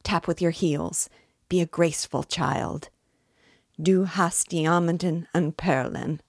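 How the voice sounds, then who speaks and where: A woman reading aloud gives voice to a proud mother dying in delirium, her voice hoarse and gasping. She rambles feverishly and breaks into cries. The voice sits low and grainy, and the close sound is dry. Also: steady tone, slow pace, dry recording. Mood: rambling. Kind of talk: audiobook character reading.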